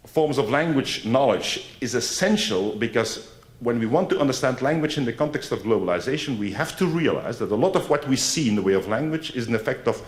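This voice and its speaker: A man giving an academic conference talk in a conversational way, often checking in with "right?" and repeating points for emphasis. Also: mid-range voice. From Belgium. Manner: conversational, frequent "right?" and "eh?" asides, emphatic repetition. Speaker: academic lecturer. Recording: roomy hall echo.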